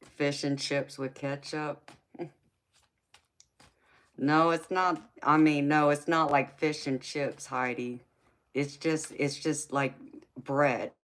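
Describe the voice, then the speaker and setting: Low-voiced woman chatting with viewers. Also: fairly even intonation, slow, pauses often. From United States. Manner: chatty, laughs often, calls people honey and sweetheart. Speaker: livestream host. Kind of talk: casual livestream chat with viewers.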